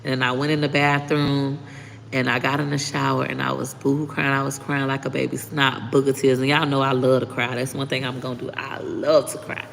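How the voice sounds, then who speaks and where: A woman's voice: rumbling low, level tone, a little fast, vocal fry, fairly bright tone. A woman chatting casually to viewers on her live stream, talking bluntly and candidly, swearing freely and thanking commenters often. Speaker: livestreaming content creator. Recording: reverberant room with faint background noise.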